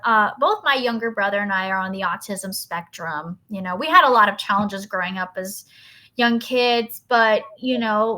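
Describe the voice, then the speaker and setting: A young woman guest on a podcast talks in a casual, chatty way and sounds like an eager fan. Her voice is very bright and sits a little high. Her pace is quick and her delivery is lively.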